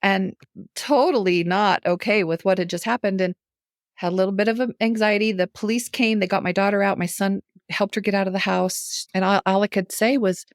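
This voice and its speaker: A woman's voice: mid-range voice, fast, no room sound, studio quality. Middle-aged woman telling a story animatedly. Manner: animated, acts out her own past reactions, laughs often. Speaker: podcast guest. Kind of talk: casual personal storytelling.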